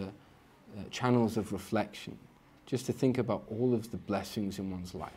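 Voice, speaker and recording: A man, an Islamic teacher, gives a conversational, informal spiritual talk in a mellow voice with a breathy edge, at normal speed. Phrases often begin with a repeated word, and sudden pitch jumps mark the inner voices he acts out.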